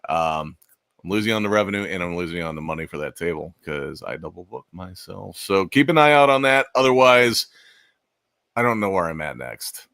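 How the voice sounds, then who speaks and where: Deep-voiced man hosting a casual livestream. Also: normal speed, vocal fry, dry recording, clean studio sound. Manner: relaxed, chatty, trailing fillers. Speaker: podcast host.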